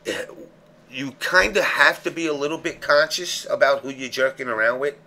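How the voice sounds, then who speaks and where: A man's voice: medium pitch, normal speed. A man hosting a casual stream show, talking bluntly with a lot of swearing. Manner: blunt, profane, animated. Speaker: show host.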